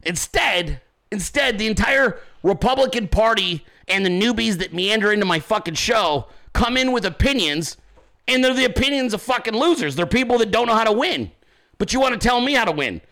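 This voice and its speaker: A man's voice: sits high, animated, normal speed, pushed and bright. A man hosting his own show from a home desk, ranting in profane, combative, mocking commentary. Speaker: podcast host.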